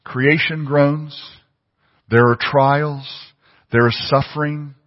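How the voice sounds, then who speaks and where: A man's voice: a little high, fairly even intonation, slow. A man preaching a sermon, emphatic and fond of repeating phrases for stress. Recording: muffled audio with long hall reverb.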